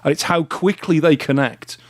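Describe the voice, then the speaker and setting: A man's voice: on the high side, moderate pace, no room sound. A man hosting a podcast, chatting casually and telling stories, often murmuring agreement. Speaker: podcast host. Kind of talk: casual conversational interview.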